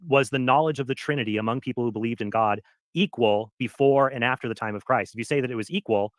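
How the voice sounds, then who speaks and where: Quick questioning male debater. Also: lowish voice, a bit bright, no room sound. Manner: probing questioner, hesitant fillers. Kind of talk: formal debate.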